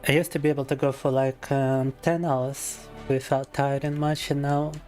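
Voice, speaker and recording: A man's voice: medium pitch, little pitch movement, normal speed. A man streaming live who is ill and worn out, chatting in a weary, sardonic way with crude jokes. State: ill and tired. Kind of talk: casual livestream chat. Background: music.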